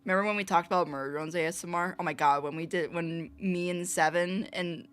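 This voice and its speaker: A young woman with a fairly low voice chatting casually on a livestream, playful and laughing often. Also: fairly even intonation, a little fast, fairly bright tone. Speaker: streamer. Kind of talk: casual livestream chat reading comments.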